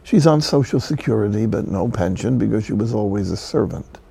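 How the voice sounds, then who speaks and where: An older man, a Catholic friar and priest, delivers a broadcast sermon as measured storytelling with solemn pauses. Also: on the low side, animated, gravelly, dark tone, slight background noise.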